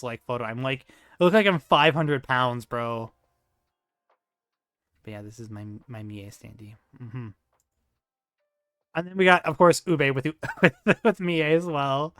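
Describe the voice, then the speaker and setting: A streamer chats casually on a livestream, rambling and gushing, full of fillers, restarts and slang like "dude" and "bro." His medium-pitched voice is a bit bright, recorded at studio quality with no room sound.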